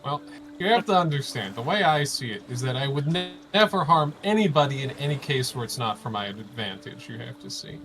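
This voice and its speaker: A man voicing a morally flexible male ship officer with a put-on Russian accent who speaks in smooth, evasive terms. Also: medium pitch, expressive, brisk, close to an everyday voice, low-quality recording. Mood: sly.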